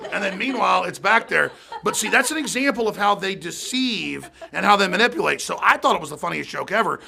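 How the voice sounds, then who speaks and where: A man's voice: high voice, lively intonation, rapid-fire, creaky, sharp tone. A man hosting a studio show, rambling and repeating himself with laughing asides. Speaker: show host. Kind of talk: off-the-cuff studio banter.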